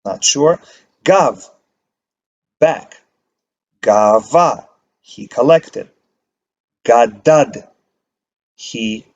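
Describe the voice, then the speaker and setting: A man teaching a language lesson, reading word lists aloud and pausing to give short meanings. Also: medium pitch, a little mellow. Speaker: Hebrew teacher. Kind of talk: slow vocabulary reading lesson.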